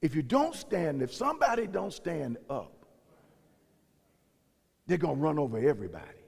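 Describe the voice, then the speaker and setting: Gravelly-voiced preacher man in echoing hall. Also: on the high side, very animated, moderate pace. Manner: preaching with rising intensity and quoted voices. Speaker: pastor. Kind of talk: sermon. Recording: long reverb of a large hall.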